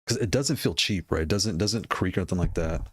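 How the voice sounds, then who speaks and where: A husky, slightly bright male voice that sits low moves at a brisk clip, with no room sound. It belongs to a gaming hardware video creator who casually discusses game controllers while browsing, rambling, repeating himself, and laughing frequently.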